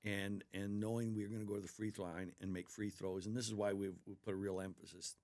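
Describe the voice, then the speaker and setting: A basketball coach with a fairly low voice gives a casual interview. He sounds earnest and eager, and he keeps drifting into stories about his players. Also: little pitch movement, fast talker, darkish tone.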